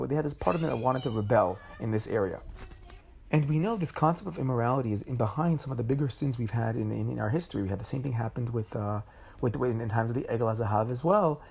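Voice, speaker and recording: Gravelly man teaching a Torah class. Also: medium pitch, darkish tone. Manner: conversational storytelling, frequent restarts and Hebrew terms.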